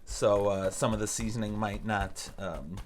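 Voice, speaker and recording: A man's voice: on the low side, steady tone, moderate pace, a little hiss or hum. A man hosting a casual cooking demonstration, talking in an easygoing, instructive and encouraging way. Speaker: cooking show host.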